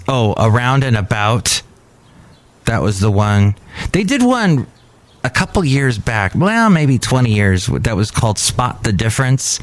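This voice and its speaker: Rambling podcast host in his fifties. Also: lowish voice. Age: 50s. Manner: rambling, self-deprecating, thinks aloud. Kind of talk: casual nostalgic podcast chat. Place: cafe.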